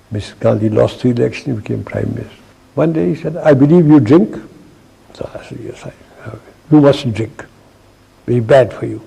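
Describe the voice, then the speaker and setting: Gravelly older man. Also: medium pitch, dark tone, rough recording. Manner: wry, jocular, acts out dialogue. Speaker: retired army chief interviewee. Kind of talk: anecdotal storytelling interview.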